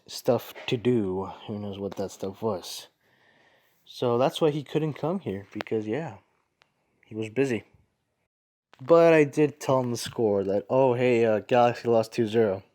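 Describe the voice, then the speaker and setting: Man, soccer show host, casual review, rambling and chatty, middle pitch, restarts his sentences. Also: darkish tone. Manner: rambling, chatty, self-correcting.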